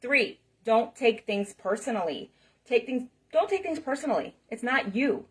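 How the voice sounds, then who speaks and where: Animated and fairly high-pitched, a middle-aged woman speaks at normal speed in an emphatic motivational talk to camera. The spiritual self-help speaker is passionate and repetitive, frequently checking in with "okay?" and "right?".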